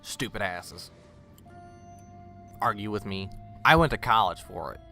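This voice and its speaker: Rambling, bright-voiced man vlogging. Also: lowish voice, lively intonation, a little slow, creaky, faint music behind. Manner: rambling, blunt, swears freely. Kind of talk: casual vlog monologue.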